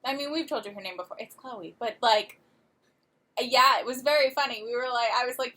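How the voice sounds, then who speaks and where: Young woman co-host, high bright voice, teasing and animated, distant mic. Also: brisk. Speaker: podcast co-host. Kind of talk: casual chat.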